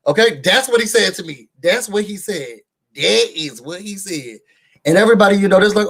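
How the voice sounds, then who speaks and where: A man's voice: sits high, lively intonation, normal speed, fairly bright tone, slightly rough. A young man, recapping a reality show in a sassy, gossipy way, talking straight to his viewers. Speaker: show reviewer. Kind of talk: casual recap commentary. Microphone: desk microphone.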